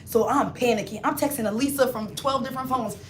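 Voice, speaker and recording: A woman livestreaming a casual storytime, animated and slangy, acting out her friends' voices as she talks. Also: a little high, fast, echoey room, slight background noise. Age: adult, not in her twenties. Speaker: hairstylist livestreamer.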